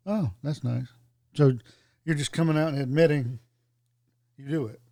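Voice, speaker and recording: A man's voice: on the high side, moderate pace, vocal fry, mellow, no echo, studio quality. A man in casual chat who speaks hesitantly with many ums and uhs and a wry edge.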